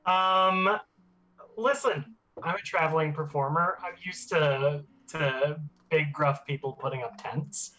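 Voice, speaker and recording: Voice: medium pitch, slow pace, pushed and bright, low-quality recording. A player in a tabletop role-playing game, speaking in a dry, wry way. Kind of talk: casual tabletop role-play.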